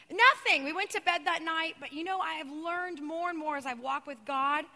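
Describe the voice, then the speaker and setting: A woman preaching a sermon in a very high, bright voice. She tells her story with drama, rising to loud cries and falling to hushed, almost whispered passages. Her voice rings out with the long reverb of a large hall. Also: normal speed, hardly any pauses.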